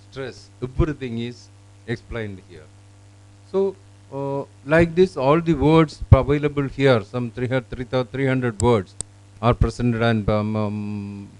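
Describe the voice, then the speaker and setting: A man with an Indian English accent demonstrating teaching software, explaining with fillers and small grammar slips. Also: medium pitch, poor audio. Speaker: company presenter. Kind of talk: product demonstration.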